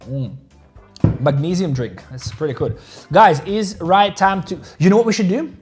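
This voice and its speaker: A man's voice: high-pitched, expressive, normal speed, breathy edge, soft background music. A man hosting a crypto trading livestream, rambling casually, swearing freely and joking with viewers about their likes. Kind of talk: casual livestream chat, reading viewer comments.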